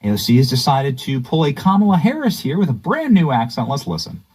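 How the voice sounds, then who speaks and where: Sarcastic man with a lively voice. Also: mid-range voice, brisk, husky, poor audio. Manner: sarcastic, mocking. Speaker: commentary host. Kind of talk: political commentary.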